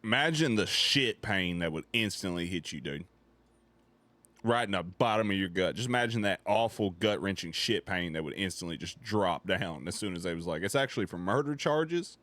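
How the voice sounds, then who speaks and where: Man, low voice, casual stream commentary, cussing and cracking jokes. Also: normal speed, bright, forceful tone. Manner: profane, joking, laughs often. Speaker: streamer reacting to videos.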